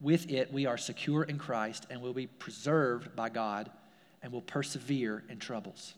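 A man's voice: mid-range voice, measured pace, in a large hall. A man, a pastor, preaching a sermon in a casual, conversational way, full of fillers and repeated phrases. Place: church sanctuary.

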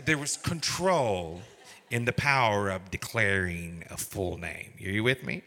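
A male pastor preaching a sermon, swinging from hushed whispers to loud, emphatic bursts. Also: medium pitch, fairly quick. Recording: reverberant hall.

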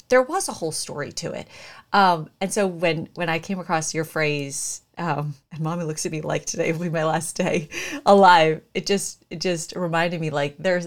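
A woman, a podcast host who is a school principal, asks reflective questions and searches for her words. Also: low voice. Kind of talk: casual interview.

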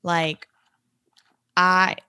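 A woman's voice: lowish voice, little pitch movement, very slow, bright, forceful tone, clear, resonant tone, no echo, studio quality. A woman chatting casually as a podcast guest, talking with many fillers and laughing often. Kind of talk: casual chat.

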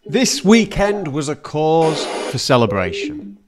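A man's voice: on the high side, big pitch swings, slow pace, a loud crowd. A man co-hosting a podcast in casual chat, telling anecdotes and teasing his partner. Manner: chatty, teasing storyteller. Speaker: podcast co-host.

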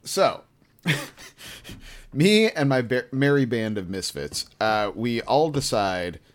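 A man in his thirties telling a story on a casual podcast, laughing often and jumping his voice up high to act out yelled lines. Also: takes it slowly. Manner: animated, laughing storyteller who jumps high for quoted yells. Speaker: podcast co-host.

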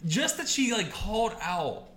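A man in casual chat as a podcast co-host, telling stories with lively acted-out quotes and frequent swearing. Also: high voice, a little slow, echoey room, a crowd in the background. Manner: animated storyteller, acts out quotes, swears freely.

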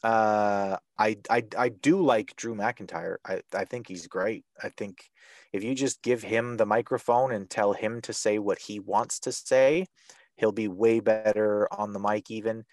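A man hosting a casual podcast chat, swearing often and pausing with many ums. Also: lowish voice, steady tone, darkish tone, no room sound, studio quality. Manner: profane, hesitant, with many ums.

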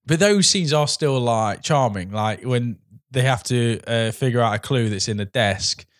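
A man's voice: medium pitch, expressive, dry recording, studio quality. Man riffing on film sequels. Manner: halting, restarts, enthusiastic riffing. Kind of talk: casual film chat.

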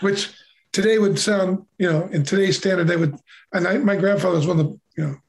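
Older man, high voice, animated storyteller, casual podcast chat. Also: brisk, vocal fry. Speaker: podcast co-host.

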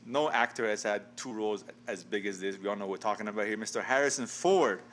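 A man's voice: fairly low pitch, quick pace, a bit bright, slight background noise. A man hosting a casual podcast chat, leading a game and laughing often. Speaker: podcast host.

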